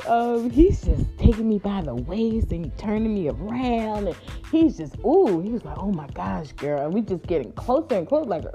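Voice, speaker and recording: A woman spins a funny personal story in a casual, laughing way. Her voice is mellow, and her pitch jumps around with lively swings. Soft music plays faintly in the background. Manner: playful, laughing, chatty, addresses listeners as y'all and honey.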